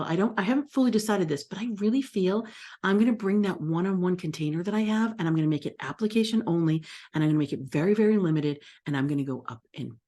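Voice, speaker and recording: Chatty woman astrology coach, lowish voice. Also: warm tone. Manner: chatty, self-talk, quotes her own inner voice. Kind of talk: casual solo coaching talk.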